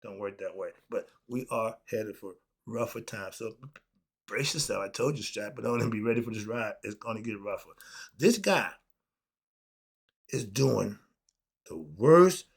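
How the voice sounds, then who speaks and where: A man ranting on his own commentary show, emphatic and animated, asking rhetorical questions and swinging between loud outbursts and low mutters. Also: unhurried, creaky, slightly rough. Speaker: commentary channel host. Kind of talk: unscripted solo rant.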